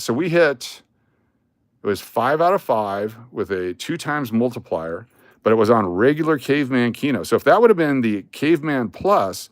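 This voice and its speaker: A man's voice: medium pitch, no room sound. A middle-aged man hosting a live stream, telling a story casually and acting out what other people said. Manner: animated, acts out other people's lines when retelling.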